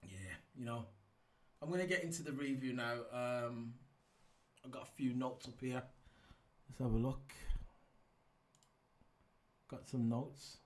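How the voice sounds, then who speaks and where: A man giving a casual, rambling race review, excitable and full of ums and restarts. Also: mid-range voice, measured pace, long pauses, recorded from a distance. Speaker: F1 YouTube reviewer. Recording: echoey room, set back from the mic.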